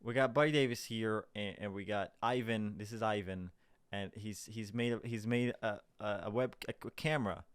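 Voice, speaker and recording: A man's voice: fairly low pitch, moderate pace, smooth, dry recording. A young man reacting to a clip, sarcastic and profane, rambling and restarting his sentences. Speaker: reaction video host. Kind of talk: casual commentary over a played clip.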